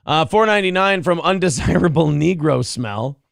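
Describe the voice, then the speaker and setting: A man's voice: on the high side, animated, moderate pace, gravelly, no echo, studio quality. Profane, rowdy male livestream host. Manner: profane, swings into loud outbursts. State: a little drunk. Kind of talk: casual livestream chat reading super chats.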